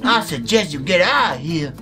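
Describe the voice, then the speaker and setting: A woman voicing a dreamy young Mexican immigrant man with a halting put-on Mexican accent and broken phrasing. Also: fairly low pitch, very animated, bright, forceful tone, soft background music. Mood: tough.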